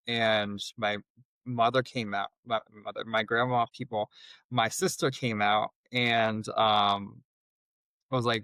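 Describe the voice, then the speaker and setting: A man with a fairly low voice tells a personal story as a guest. He talks in a halting, reflective way and often restarts his sentences. The sound is close and dry, with no room around it. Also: level tone, creaky, pushed and bright, no room sound, low-quality recording. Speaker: podcast guest.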